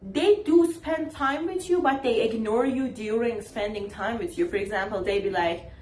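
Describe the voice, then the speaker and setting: A woman's voice: a little high, normal speed, darkish tone. A woman vlogger talking casually to the camera in an exasperated, sarcastic ranting tone. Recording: roomy echo, faint ambience.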